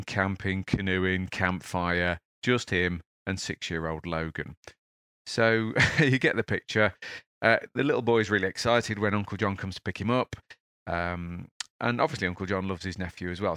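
A man hosting a podcast, chatty and animated, telling a story off the top of his head. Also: lowish voice, no room sound, clean studio sound. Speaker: podcast host. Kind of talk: casual podcast talk and storytelling.

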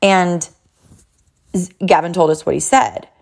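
A woman's voice: lowish voice, fairly even intonation, unhurried, creaky, a little mellow. A woman in her thirties, a mother telling a story about her sons to viewers in a chatty way, full of fillers and quoted voices.

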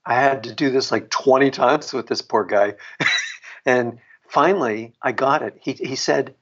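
A middle-aged man, a book author, tells a personal story in a reflective way, laughing often and restarting his sentences. His voice is husky and sits at a middle pitch. The recording sounds dull and lo-fi. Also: normal speed, fairly bright tone. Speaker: author and guest. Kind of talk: storytelling in a podcast interview.

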